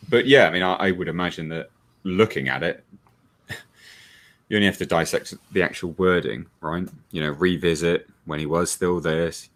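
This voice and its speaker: Very deep-voiced man, hesitant guest. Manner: hesitant, repeating words as he gathers thoughts. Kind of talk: live-stream panel discussion.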